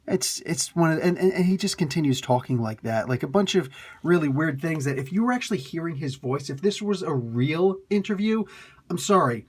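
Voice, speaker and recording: Male comics reviewer, loose rambling rants, stammers, slightly high voice. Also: expressive. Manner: exasperated ranting with incredulous outbursts; halting, repeats words.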